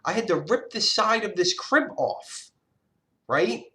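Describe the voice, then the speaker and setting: He speaks slowly yet very animatedly, his voice sitting high with a sharp tone. In a casual storytelling monologue, the male vlogger rants angrily and profanely about his own experience, jumping around and often starting sentences over.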